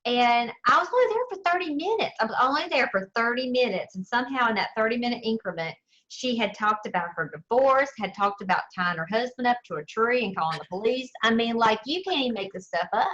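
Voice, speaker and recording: A woman with a Southern US accent, a sales director telling her team her story in a chatty, expressive motivational talk. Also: fairly high pitch, quick pace, lo-fi sound. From southern United States. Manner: chatty and expressive, addresses listeners as y'all.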